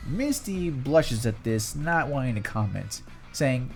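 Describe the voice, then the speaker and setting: A man's voice: mid-range voice, expressive, slow, vocal fry. A young man narrating a fan story in a loose, conversational play-by-play with run-on phrasing. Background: faint guitar music.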